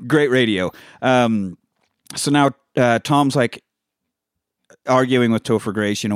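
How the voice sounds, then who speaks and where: A man's voice: mid-range voice, slow pace, pauses often, clean tone, no room sound, studio quality. A man casually recapping a film on a podcast, swearing freely and quoting characters as he goes. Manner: profanity-laced storytelling with quoted character voices.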